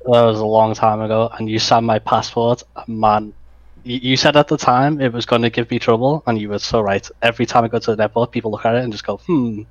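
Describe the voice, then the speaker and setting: A man's voice: mid-range voice, quick pace, dry recording, lo-fi sound. Caller, male, Liverpool accent, easygoing storyteller, dry close sound. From England. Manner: relaxed storyteller, laughs while telling. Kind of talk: casual call-in chat.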